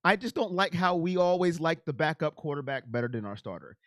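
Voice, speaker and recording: A man hosts a casual live stream in a slightly raised voice. He sounds emotional and animated, and he greets chatters by name. The recording is close and dry, with almost no room sound. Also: on the high side, brisk, dry recording. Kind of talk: casual live chat about football.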